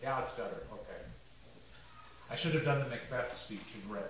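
A man giving a classroom lecture, talking deliberately and emphatically and slowing down to stress his points. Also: mid-range voice, noisy background. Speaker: lecturer on Shakespeare. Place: classroom with a marker board. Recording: roomy, dull lo-fi lecture recording.

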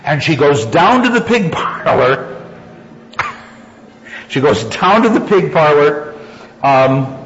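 High-voiced male lecturer in an echoey hall. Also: big pitch swings, slow, long pauses, a bit bright. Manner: chuckles often, repeats phrases for emphasis. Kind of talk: lecture reading from a story. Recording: echoey hall, dull lo-fi sound.

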